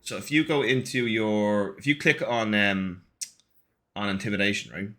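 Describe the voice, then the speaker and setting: A man running a tabletop game as game master, in an animated, encouraging way. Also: fairly low pitch, moderate pace, faint music behind.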